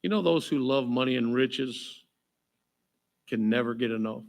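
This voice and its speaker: A man preaching a sermon as pastor, joking with the crowd and checking in with "right?", then reading scripture aloud slowly and with emphasis. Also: medium pitch, gravelly. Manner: jokey, keeps asking the crowd "right?". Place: church.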